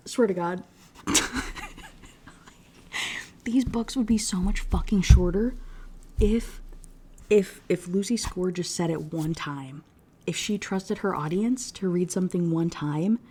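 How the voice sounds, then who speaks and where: Female book reviewer, casual sarcastic rant delivery, profane, warm and relaxed tone. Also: fairly low pitch, slow, pauses often, husky. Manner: profane, animated, sarcastic retelling with quoted voices.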